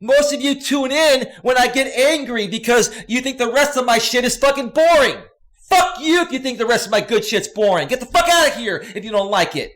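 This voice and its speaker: Guy w a high voice going off on a livestream rant, swearing, repeats himself. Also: expressive, brisk, fairly bright tone. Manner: profane, heated, repetitive ranting. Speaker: livestream host and coach.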